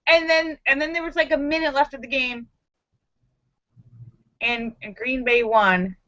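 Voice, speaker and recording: A woman hosting a casual live-stream chat, talking in an animated, emphatic, sassy way. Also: high voice, unhurried, dull audio. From Los Angeles area. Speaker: livestream host.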